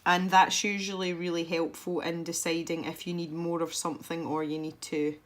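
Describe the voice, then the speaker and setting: A woman with a slightly low voice narrates a colouring tutorial while she works. She talks in an easy, chatty way, pokes fun at herself and laughs lightly now and then. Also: little pitch movement, moderate pace. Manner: chatty and self-deprecating, with small laughs.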